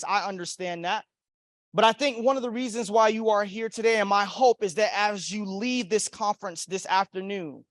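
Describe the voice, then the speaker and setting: A man's voice: high voice, no room sound, studio quality. A young man from Florida giving a motivational keynote in a hotel ballroom, with emphatic repetition and call-and-response. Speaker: motivational speaker. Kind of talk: keynote speech to a conference audience.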